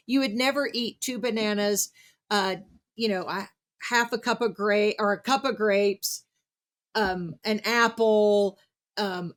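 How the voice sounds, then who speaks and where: A woman hosting a podcast, chatting casually and retelling a book with enthusiasm. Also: mid-range voice. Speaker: podcast host. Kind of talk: casual conversational interview.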